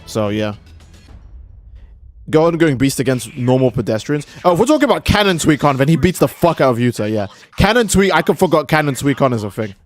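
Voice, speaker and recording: A man's voice: medium pitch, very animated, brisk, faint music behind. A young man streaming a game, rambling and joking with profanity in casual commentary. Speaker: gaming streamer.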